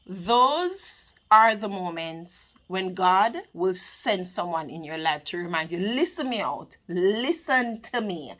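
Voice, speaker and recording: A woman's voice: medium pitch, a bit bright. Woman, earnest faith-based pep talk, preachy, laughs often, talks to camera. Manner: looks straight into the camera. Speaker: channel host.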